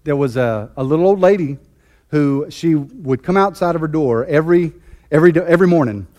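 A man's voice: a little high, lively intonation, a little fast, warm tone. A man preaching a sermon as pastor, fervent and emphatic, often repeating and restarting his phrases.

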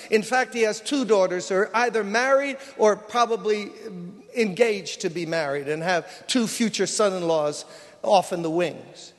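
High-voiced man preaching in a ringing hall. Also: normal speed. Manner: conversational storytelling, acts out dialogue. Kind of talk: sermon.

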